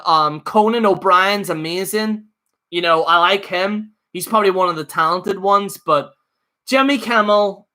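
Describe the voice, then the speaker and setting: A man's voice: high-pitched, bright, forceful tone. A man hosting his own livestream, rambling in a fired-up, jokey rant. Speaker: livestream host.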